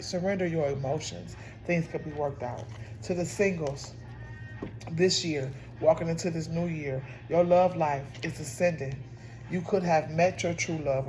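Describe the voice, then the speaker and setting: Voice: mid-range voice, a little mellow. A tarot reader giving a casual spoken reading, often repeating and restarting phrases while speaking straight to the listeners. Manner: repetitive, restarts phrases, addresses listeners directly.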